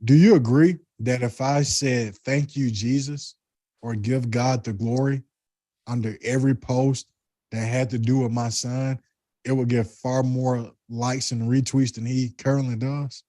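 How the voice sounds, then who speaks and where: A man with a Southern US accent speaks slowly and with weight, musing on spiritual ideas in a relaxed conversation. His voice sits at an ordinary middle pitch. The sound is close and dry, with little room echo. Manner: deliberate, reflective, spiritual musings. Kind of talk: casual conversation.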